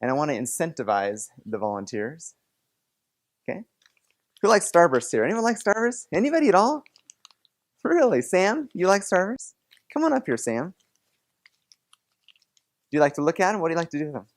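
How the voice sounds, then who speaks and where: A man's voice: on the high side, very animated, moderate pace, pauses often. A man leading a playful object lesson for students in a classroom, coaxing and joking with volunteers. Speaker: teacher.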